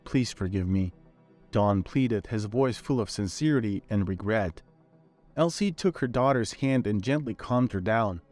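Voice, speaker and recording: A man giving a scripted story narration in a measured, even manner. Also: lowish voice, soft background music.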